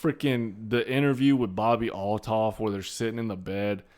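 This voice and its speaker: A man's voice: fairly low pitch, fairly even intonation, moderate pace, a little mellow. A young man co-hosting a podcast in casual chat, laid-back, slangy and profane. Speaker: podcast co-host.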